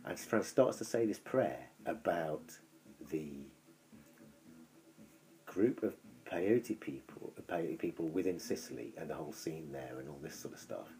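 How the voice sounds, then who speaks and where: A man with a very low, deep voice tells a long story in loose, casual chat. He rambles and backtracks, and he swears freely as he goes. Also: measured pace, warm tone.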